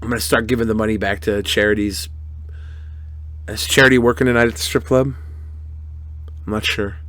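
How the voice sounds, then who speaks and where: A man's voice: on the low side, steady tone, brisk, fairly bright tone, dry recording. A young man live-streaming, thanking donors in crude, profane, mock-angry banter with his chat. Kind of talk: casual live-stream chat reading donations.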